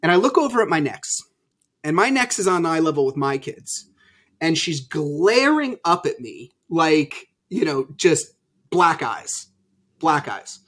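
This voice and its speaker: A man as a podcast guest, telling his story candidly over a video call and acting out old arguments with sudden loud bursts. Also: fairly high pitch, unhurried. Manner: animated, acts out past arguments.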